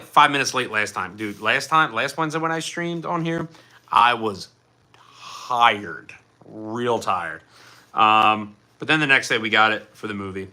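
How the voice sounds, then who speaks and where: A man's voice: on the low side, bright, forceful tone. A man chatting casually to his live-stream viewers at home, rambling and distracted as he fiddles with props.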